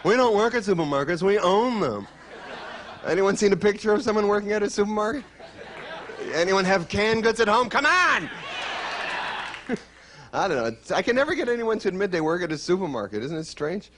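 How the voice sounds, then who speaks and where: A man's voice: high-pitched, animated, noisy background. A man doing a stand-up routine on stage, teasing the crowd, then chatting with the host. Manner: quick, teasing banter with the crowd. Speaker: stand-up comedian. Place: stage before a live audience.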